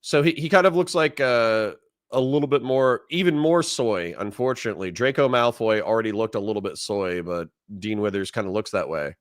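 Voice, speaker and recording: A man's voice: on the low side, lively intonation, fairly quick, no room sound, studio quality. A man hosting a casual live stream, talking bluntly and mockingly with lots of fillers. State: grumpy. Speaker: political commentary streamer.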